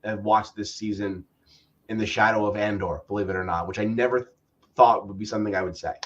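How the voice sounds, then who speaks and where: A man with a stuffy nose from allergies co-hosting a review podcast, talking in a halting way with many restarts. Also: on the low side, fairly even intonation, muffled recording. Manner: halting, many repeated starts. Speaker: podcast co-host. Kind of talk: casual review chat.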